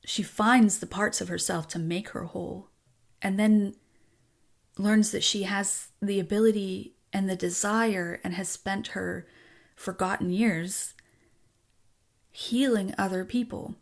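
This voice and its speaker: Slow-speaking, frank woman songwriter. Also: mid-range voice, steady tone, vocal fry. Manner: frank and emotional, swears, halting restarts. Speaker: songwriter and author guest. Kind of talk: candid personal conversation.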